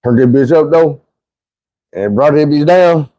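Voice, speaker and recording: A man's voice: on the high side, animated, unhurried, warm tone, no room sound. A man, casually telling a profane, slangy story and acting out the quotes himself. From Arkansas, US. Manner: profane, laid-back, slangy, acts out quotes.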